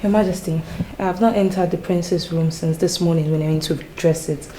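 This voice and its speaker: A woman acting as a deferential palace maiden with a low, mellow voice, answering the king with care. She sounds far from the mic over faint background noise. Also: steady tone, fairly quick, natural voice. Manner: deferential, explaining herself. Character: nervous female palace maiden.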